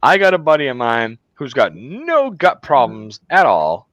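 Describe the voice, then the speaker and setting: A man's voice: medium pitch, wildly swooping pitch, unhurried, a bit bright, dry recording. Cussing guy telling long rambling stories on a video call, dry close sound. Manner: profane, rambling anecdotes. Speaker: channel host. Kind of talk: casual group video chat storytelling.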